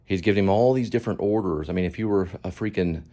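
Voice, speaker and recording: A man's voice: deep voice, quick pace, warm tone. A man hosting his own show, giving emphatic, moralizing commentary on a video and repeating his points. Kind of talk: impassioned commentary.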